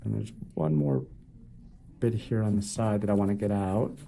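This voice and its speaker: Low gravelly-voiced man explaining a procedure. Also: normal speed, a little hiss or hum. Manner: calm, explanatory, joking with patient. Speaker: foot doctor. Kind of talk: narrating a procedure while working. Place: clinic treatment room.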